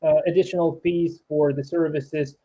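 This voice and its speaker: A man from Ukraine speaking English in a casual chat, halting with many restarts and fillers. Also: on the high side, fairly even intonation, warm tone, low-quality recording. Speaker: programmer and YouTuber. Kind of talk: casual conversation.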